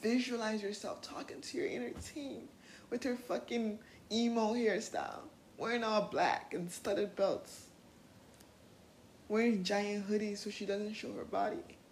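A young woman hosting a self-help podcast, talking in an earnest, animated way, laughing often and swearing casually. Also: mid-range voice, a little slow, reverberant, a little hiss or hum, poor audio. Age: young adult. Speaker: podcast host.

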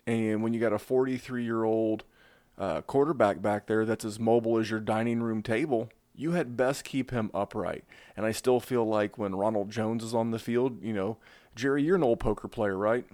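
A man hosting a casual fantasy football podcast, talking through his analysis in a conversational, animated way. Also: on the low side, normal speed, no echo. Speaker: podcast host.

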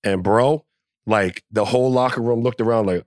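A man telling a locker-room story in a casual podcast chat, animated and profane, acting out the quotes. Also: mid-range voice, moderate pace, dry recording, clean studio sound. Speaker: podcast co-host, former NBA player.

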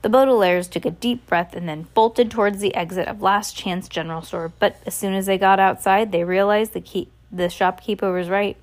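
A woman's voice: medium pitch, fairly even intonation, normal speed, few pauses. A woman reading a novel aloud in a casual way, with small slips and restarts. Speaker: reader.

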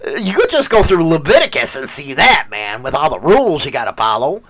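A man's voice: fairly high pitch, very animated, brisk, fairly bright tone. A middle-aged man in casual banter with his wife, teasing and joking with mock-chauvinist lines. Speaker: podcast co-host.

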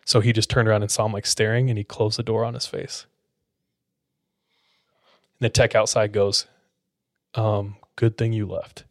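A man's voice: on the low side, little pitch movement, moderate pace, pauses often, no echo. A man telling a creepy story to friends in a casual, suspenseful way with plenty of fillers, close to the mic. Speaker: podcast storyteller.

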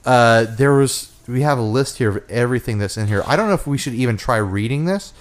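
A man's voice: medium pitch, expressive, brisk. A man co-hosting a casual podcast chat, talking loosely with fillers and teasing his co-host. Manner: chatty, teasing, thinks aloud with fillers.

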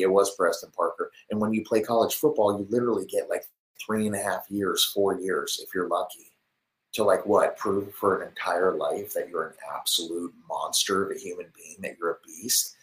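A man with a deep, low voice streams from his home office on a desk mic. He boasts and swears in a loose, rambling way, punching some lines out loudly and muttering others almost in a whisper. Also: low-quality recording. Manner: brash and boastful, swearing, swings between loud ranting and hushed whispering. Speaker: live streamer. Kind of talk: rambling hyped-up monologue.

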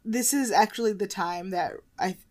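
A woman in her twenties co-hosting a podcast, casually recapping a TV show, animated and swearing freely. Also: mid-range voice, normal speed. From United States. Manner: animated, swears freely, acts out others in bursts. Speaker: podcast co-host.

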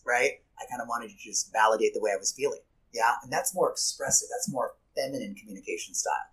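A man who teaches classes, talking in a casual podcast conversation and acting out quoted speech with lively swings in his voice. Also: medium pitch, fast talker, hardly any pauses, poor audio. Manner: animated, acts out quoted speech.

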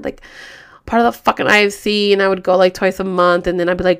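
A woman telling a story casually, full of slang and swearing, acting out quotes with lively energy. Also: medium pitch, fast, clear, resonant tone. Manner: profane, slangy, animated quoting. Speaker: storyteller vlogger.

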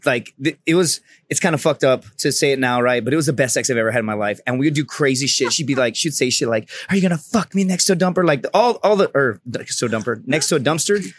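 A man's voice: mid-range voice, no room sound. A man in his thirties telling profane stories in casual chat, acting out quotes as he goes. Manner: fast, profane storytelling with acted-out quotes. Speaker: podcast guest, comedian. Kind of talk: casual storytelling.

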